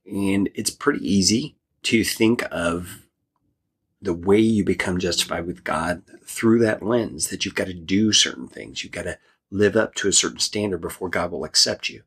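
Man, low and gravelly, earnest Bible teacher explaining a passage, a bit distant from the mic. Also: normal speed, a bit bright. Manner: earnest, explanatory, thinks aloud with small restarts. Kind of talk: casual Bible study teaching.

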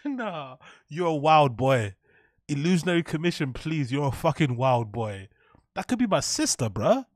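A young man streams live and riffs on his chat with profane, mock-outraged energy. His voice sits fairly high and swings widely in pitch. The sound is close and dry. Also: sing-song, normal speed, a little mellow, no echo. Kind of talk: live reaction commentary to chat.

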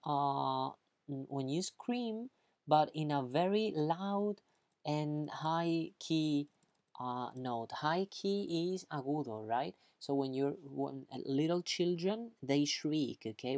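A lively English teacher walks learners through vocabulary in a casual, talkative way. The teacher keeps checking understanding with quick asides and playfully acts out each example. The voice sits at an ordinary middle pitch. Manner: upbeat, chatty, keeps checking in with "okay?"; playful, acts out examples, laughs at own jokes. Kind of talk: online grammar lesson, explaining vocabulary.

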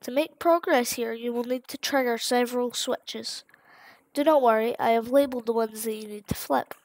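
A woman voicing a gentle, motherly goat-like guardian from a video game, speaking her lines in a soft, formal and reassuring way. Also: on the high side, moderate pace, dry recording, natural voice, low-quality recording. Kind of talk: reading game dialogue aloud.

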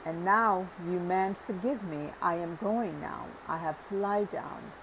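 A woman's voice: lowish voice, unhurried, background noise. A woman voicing a cheerful, playful old wife who speaks in a light, teasing way in a storybook reading.

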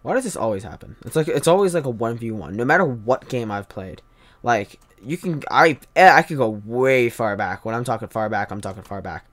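A man hosting a gaming channel, rambling through Minecraft commentary and bursting into loud angry yelling. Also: medium pitch, lively intonation, a little fast.

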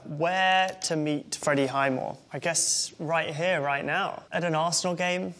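Wry young Englishman, gravelly edge. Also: a little high, steady tone, unhurried, a bit bright, slight background noise. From England. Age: 20s. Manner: wry, self-deprecating. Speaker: interviewee. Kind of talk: reading web questions aloud and answering.

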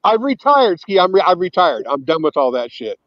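A man's voice: sits high, very animated, a little fast, dry recording, lo-fi sound. A man joining a livestream panel as a guest, rambling and laughing often through casual banter.

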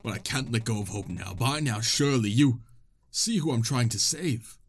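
A man voicing a grave, brooding male knight from a video game, reading the lines slowly and solemnly. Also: mid-range voice, animated, husky, pitched below the performer's own voice. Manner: slow, solemn, dramatic reading.

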